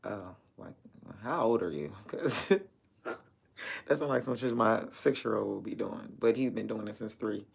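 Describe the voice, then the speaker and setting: A woman's voice: very deep voice, a little slow, creaky, husky. A woman livestreaming while she works, chatting bluntly and profanely with viewers and laughing often. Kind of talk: casual livestream chat.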